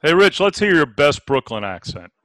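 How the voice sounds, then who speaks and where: A man's voice: fairly high pitch, very animated, moderate pace, a bit bright, no echo. A man from New York co-hosting a podcast, joking and teasing his guests. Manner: jokey, teasing banter. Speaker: podcast co-host. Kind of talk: casual chat.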